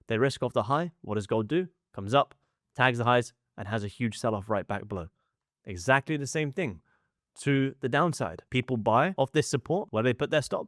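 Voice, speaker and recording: A man's voice: medium pitch, no room sound. Dry, punchy male trading coach. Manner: answers his own rhetorical questions in short punchy repeats; emphatic, repeats words for stress. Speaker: trading educator. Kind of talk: chart walkthrough lesson.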